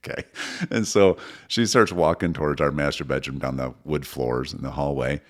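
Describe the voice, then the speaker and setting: A man's voice: rumbling low, steady tone, moderate pace. A middle-aged man co-hosting a podcast, telling a funny family story in casual chat, laughing often as he talks. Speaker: podcast co-host.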